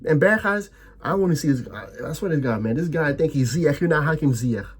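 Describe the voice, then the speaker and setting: Brief: young adult male fan-vlogger, husky, a touch high, angry profane rant. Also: animated, fairly quick. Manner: heated, profane, repetitive ranting with stammered restarts. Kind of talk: ranting fan reaction.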